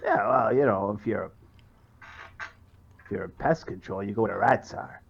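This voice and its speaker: A man's voice: on the low side, moderate pace, creaky, slight background noise, pitched below the performer's own voice. A man voicing a cocky, boastful male gnome adventurer with a smug, flirty way of talking. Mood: casual. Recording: dull lo-fi mic.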